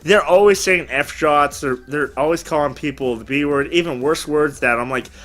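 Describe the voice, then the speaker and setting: A man's voice: fairly high pitch, normal speed, fairly bright tone. A man hosting a casual talk show, telling rambling stories with crude jokes. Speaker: podcast host. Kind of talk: casual chat.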